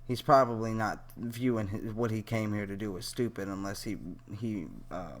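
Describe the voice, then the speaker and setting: A man's voice: fairly low pitch, fairly even intonation, normal speed. A man giving casual, rambling reaction commentary on a TV clip, profane and incredulous.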